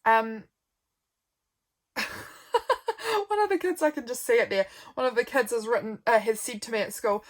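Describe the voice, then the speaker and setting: A woman's voice: fairly high pitch, big pitch swings, normal speed, long pauses. A young woman with a New Zealand accent chatting casually through her journal pages, rambling with lots of ums and easy laughs. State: a little yawny. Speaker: journal vlogger.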